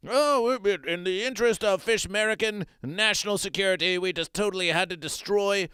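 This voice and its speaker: A blustering male leader of a fish nation, as a comedian puts him on, stammers out indignant demands. His voice is raised and clear. The sound is close and dry. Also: high voice, brisk, bright, forceful tone, no room sound, pitched above the performer's own voice.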